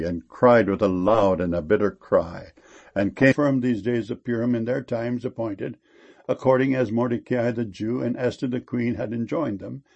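Low, gravelly man reading scripture. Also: a little mellow, lo-fi sound. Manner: measured solemn recitation, raising his voice on exclamations. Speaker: scripture reader. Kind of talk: reading King James scripture verses.

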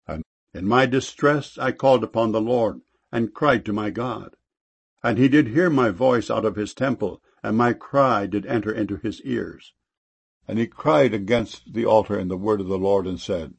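A man reads scripture solemnly in a low, gravelly voice with a husky edge. He lifts his pitch and volume for each quoted speaker, then drops back into a steady narration. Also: normal speed. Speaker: scripture reader.

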